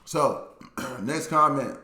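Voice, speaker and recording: A man's voice: mid-range voice, drawn-out words, bright, forceful tone. Laid-back Southern man in an echoey room. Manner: laid-back, plainspoken, repeats phrases. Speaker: YouTube commentator. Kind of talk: casual commentary reading viewer comments.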